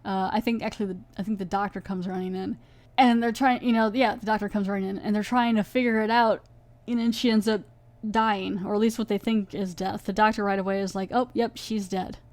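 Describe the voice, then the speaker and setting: A woman's voice: medium pitch, fairly even intonation, darkish tone, no echo. A woman podcast host recapping a horror episode in a chatty, casual way, acting out the characters' lines as she goes. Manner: chatty, acts out lines in quick voices.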